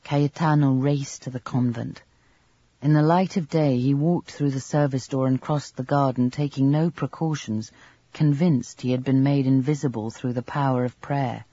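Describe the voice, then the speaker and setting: A man reading a novel aloud as an audiobook narrator, in a measured, even storytelling manner. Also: mid-range voice, no room sound, dull audio. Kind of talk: scripted narration.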